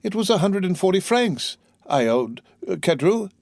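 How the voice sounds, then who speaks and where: An earnest young sailor and devoted son, played by a man reading aloud, raised a little above the reader's normal voice. He speaks with open feeling and a wide, animated pitch in this audiobook, recorded with a dry, close sound. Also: moderate pace, vocal fry, dry recording, exaggerated voice. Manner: earnest and emotional.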